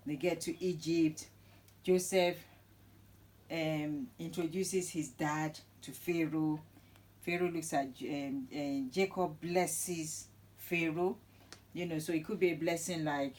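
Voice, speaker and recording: A woman with a fairly low voice tells a Bible story as a teacher. She talks casually and acts out the characters' lines as she goes. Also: darkish tone, low-quality recording.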